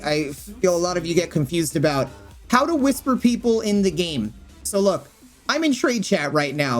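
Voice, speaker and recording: A woman streamer walking viewers through game settings in a rambling, casual way, often thinking aloud with fillers. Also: on the low side. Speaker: gaming streamer and YouTuber.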